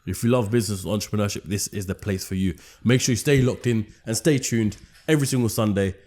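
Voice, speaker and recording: A man's voice: lowish voice, fast, darkish tone, slight background noise. A man hosting a business podcast, laid-back and slangy. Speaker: podcast host. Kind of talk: casual interview chat and sign-off.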